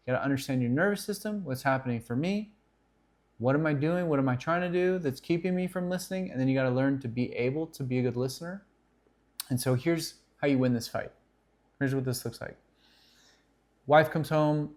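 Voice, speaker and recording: A middle-aged man talking straight to his viewers in an earnest advice-giving way. His pitch sits in the middle for a man. He keeps acting out little example conversations, and he often restarts his sentences. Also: normal speed. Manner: earnest, acts out example dialogue, many restarts. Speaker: counselor and video host. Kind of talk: direct-to-camera advice talk.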